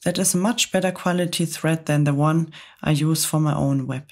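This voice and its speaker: A gracious, polite spider lady from a storybook, put on by a woman reading aloud. Her tone is soft and low. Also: steady tone, normal speed. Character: gracious female spider seamstress. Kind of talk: ASMR book reading.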